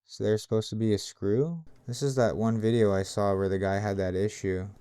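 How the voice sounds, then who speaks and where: A man with a lowish voice talks loosely to his viewers as he works on a repair. He mutters half to himself and grows frustrated, swearing under his breath. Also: steady tone, fairly quick, warm tone, clean tone. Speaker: tech vlogger. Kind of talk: casual hands-on narration.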